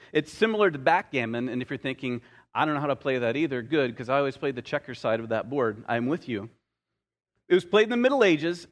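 Pastor, male, slightly high voice, sermon delivery with story hooks and dry asides, drags out key lines for weight. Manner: storytelling preacher, slows down on key phrases, light humorous asides.

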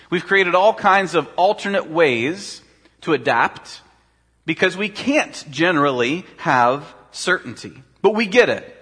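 A pastor preaches with a bright, forceful voice that sits a little high for a man. He keeps a conversational tone and poses rhetorical questions to his listeners. Long reverb rings around him. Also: animated, unhurried, husky. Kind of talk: sermon.

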